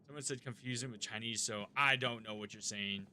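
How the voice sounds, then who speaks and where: A man's voice: medium pitch, a little fast, pushed and bright, slight background noise. A man live-streaming a game, chatting casually with his viewers, rambling and swearing freely.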